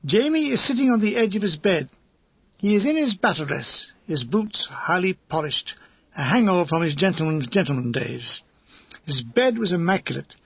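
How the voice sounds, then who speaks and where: A man's voice: sits high, animated, normal speed, creaky, husky, no echo, dull audio. A man reading a comic war memoir aloud as an audiobook narrator, with a wry, dryly comic delivery.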